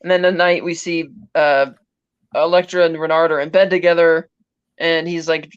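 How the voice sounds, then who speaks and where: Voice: medium pitch, level tone, moderate pace, clean tone, dry recording, lo-fi sound. A podcast co-host casually recapping a film scene by scene, in a chatty, rambling way full of "he's like" asides. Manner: rambling, chatty retelling with many "he's like" quotes.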